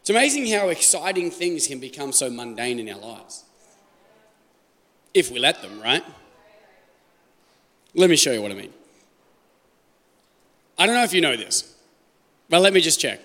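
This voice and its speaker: A lively Australian man preaching in a church hall, his pitch high and swinging freely. His voice is bright and carries with long reverb around the room as he jokes and puts questions to the congregation. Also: moderate pace, pauses often. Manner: animated, joking, asks the room questions. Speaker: pastor. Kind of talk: sermon.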